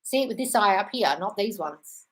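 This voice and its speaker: A woman's voice: mid-range voice, animated, a bit bright, poor audio. A woman hosting a casual live Q&A from home, talking bluntly and swearing freely as she reads and answers viewer questions. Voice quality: blunt, sweary, fast-moving. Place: home, dog nearby.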